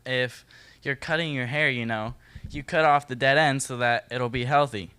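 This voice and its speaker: A man leading a Bible study for a group, reading verses and explaining them in a relaxed, joking way, talking straight to his listeners. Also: medium pitch, moderate pace, clean tone. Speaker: youth Bible study leader. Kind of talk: casual Bible teaching talk.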